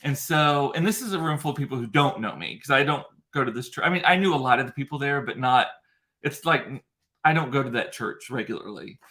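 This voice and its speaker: A man hosts a casual livestream from his computer, spinning a long, emotional story with many fillers and restarts. His mid-range voice is sharp and animated, and he talks a little fast. He uses a computer mic placed in front of a ring light.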